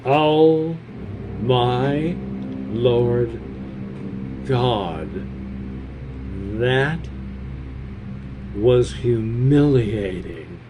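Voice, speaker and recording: A man's voice: medium pitch, very slow, long pauses, noisy background. Sarcastic man narrating his gameplay. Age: 50s. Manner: sarcastic, self-deprecating, rambling. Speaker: gamer. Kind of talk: gameplay commentary.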